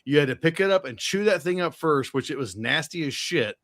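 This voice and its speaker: A man's voice: a little high, expressive, brisk, a bit bright, dry recording. A man co-hosting a podcast, laid-back and blunt with casual swearing. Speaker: podcast co-host. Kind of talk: casual chat.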